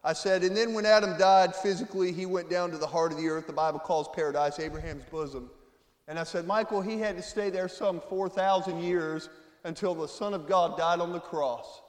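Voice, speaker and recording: A high-pitched male preacher from Florida delivering a heartfelt testimony sermon. His voice swings between near-whispers and loud exclamations. It rings through a church sanctuary with a long, echoing reverb. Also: fairly even intonation, a little fast. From Florida, USA. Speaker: guest preacher.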